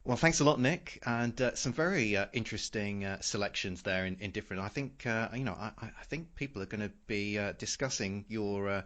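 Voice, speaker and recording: A man hosting a film podcast, moving between casual chat and a read synopsis, with a halting delivery. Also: on the low side, fairly bright tone. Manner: halting, with many pauses while reading. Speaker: podcast host.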